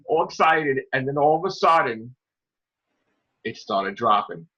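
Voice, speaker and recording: A man hosting a casual podcast chat, animated and acting out scenes with loud outbursts. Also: mid-range voice, unhurried, dull audio, heavy background noise. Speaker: podcast host.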